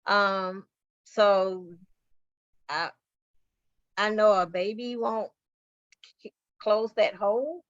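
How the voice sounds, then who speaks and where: A woman patient panelist speaks frankly and reflectively in a mid-pitched voice. Her audio is dry and close, with a dull, lo-fi quality. She speaks over a video call. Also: drawn-out words, long pauses, dry recording. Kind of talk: personal testimony on a panel.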